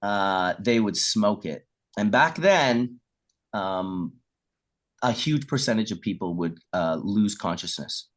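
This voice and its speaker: Middle-aged man telling animated stories. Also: fairly low pitch, takes it slowly. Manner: animated storyteller who acts out quoted voices and swears casually. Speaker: guest. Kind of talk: casual storytelling chat.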